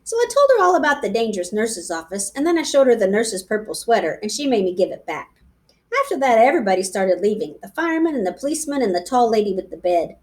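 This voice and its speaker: A woman reads a children's storybook aloud, bouncing through the lines in a bright, high voice. Her pitch leaps and dips playfully as she gives the tale a childlike energy. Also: fast. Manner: lively, playful child's-voice narration. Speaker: reader.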